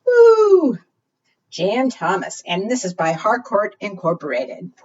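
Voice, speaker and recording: Lively woman reading to preschoolers. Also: on the low side, unhurried, slightly rough. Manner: animated, questioning the children, singing. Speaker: children's librarian. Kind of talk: preschool storytime read-aloud. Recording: distant, dull lo-fi sound.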